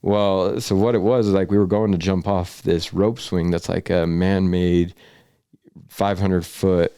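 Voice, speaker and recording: A man's voice: sits low, fairly even intonation, a little slow, warm tone, clear, resonant tone, dry recording, clean studio sound. A young man, a podcast guest, telling a long story in casual, rambling talk full of fillers and swearing. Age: young adult. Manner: rambling, filler-heavy, profane.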